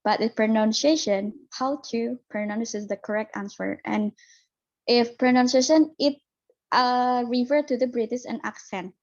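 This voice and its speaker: A woman's voice: on the high side, fairly even intonation, moderate pace, darkish tone, dry recording. A young woman, a guest speaker answering questions in a casual online discussion, hesitant and full of fillers. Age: 20s. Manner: hesitant, searching for words, many fillers. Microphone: video call. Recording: muffled lo-fi call audio.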